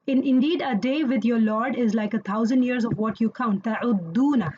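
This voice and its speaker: A woman's voice: on the high side, fast, hardly any pauses, warm tone, lo-fi sound, slight background noise. A woman teaching Quranic Arabic grammar in an online lesson, explaining patiently and checking in with listeners as she goes.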